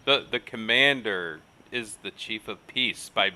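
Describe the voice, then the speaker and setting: A man's voice: fairly low pitch, measured pace, over a noisy crowd. A man co-hosting a livestream, greeting chat viewers and joking with lots of laughter. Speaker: co-host reading viewer chat. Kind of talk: casual live chat.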